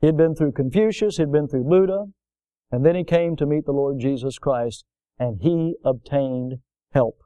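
Man, pastor, sermon, folksy storytelling, loud emphasis then soft, mellow voice, dry sound. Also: fairly high pitch, moderate pace, dry recording.

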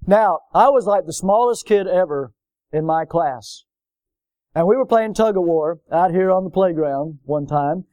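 A man preaching a sermon, folksy and animated, telling stories and checking in with "all right?". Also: high voice, measured pace, no echo. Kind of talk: sermon with storytelling.

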